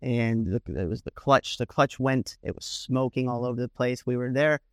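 A man delivers a sermon in a relaxed, conversational manner and keeps looping back to "the thing is, is that." His voice sits in an ordinary middle pitch. The recording is dry and close. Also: normal speed, clean tone, dry recording. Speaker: preacher.

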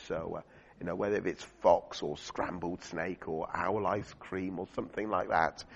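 Male preacher, chatty sermon voice, gravelly and husky, dull lo-fi recording. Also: low-pitched, steady tone, moderate pace. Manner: chatty, uses fillers and asks the congregation questions. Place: church. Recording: dull lo-fi recording in a reverberant church hall.

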